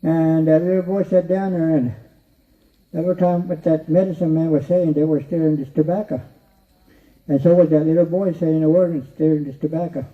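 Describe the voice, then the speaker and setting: A man's voice: fairly high pitch, fairly even intonation, a little fast. A man telling a spoken story, rambling and repetitive, often chuckling to himself. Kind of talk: oral storytelling. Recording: distant, dull lo-fi recording.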